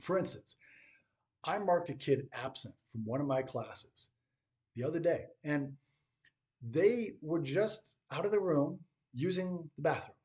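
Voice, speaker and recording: A man in his forties, a teacher, giving scripted commentary to camera in a dry, wry way with deliberate pauses. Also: on the high side, lively intonation, a little mellow.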